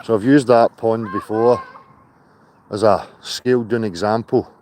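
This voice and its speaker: A man's voice: fairly low pitch, fairly even intonation, unhurried, background noise. A man hosting a casual livestream outdoors, chatty and loose, swearing now and then. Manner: chatty, greets viewers by name, swears in asides. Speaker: livestream host.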